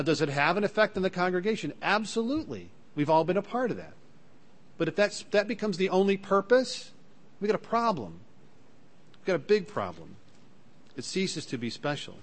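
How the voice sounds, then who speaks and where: A man preaching a sermon, plain and earnest, lifting his voice when he reads scripture aloud and slipping into fillers between points. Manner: earnest, rises in pitch and volume when reading scripture aloud; plain teaching tone with occasional fillers and restarts.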